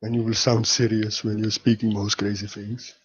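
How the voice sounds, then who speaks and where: A man's voice: fairly low pitch, level tone, moderate pace, breathy edge. Playful man giving a spiritual talk. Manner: playful, laughing, swings between loud bursts and soft murmurs. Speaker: spiritual teacher. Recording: slightly dull lo-fi audio.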